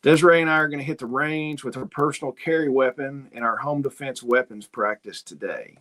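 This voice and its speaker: A man chats loosely to his viewers and wanders from one story to the next. He acts out little dialogues in his own voice, and his pitch sits right in the middle. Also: a little fast, fairly bright tone. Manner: folksy, rambling storyteller who acts out dialogue. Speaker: host. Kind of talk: casual livestream chat reading viewer comments.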